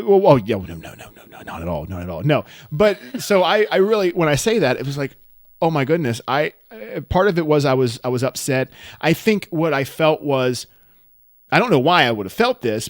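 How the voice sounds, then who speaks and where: A man co-hosting a podcast, telling a story in a casual, rambling, self-deprecating way that turns animated. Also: medium pitch, no echo, clean studio sound. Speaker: podcast co-host.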